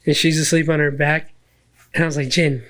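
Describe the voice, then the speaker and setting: A man, a little drunk, telling profane stories in an animated way in a casual podcast chat. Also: on the high side, brisk. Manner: profane, animated storyteller acting out his own yelling. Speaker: podcast host.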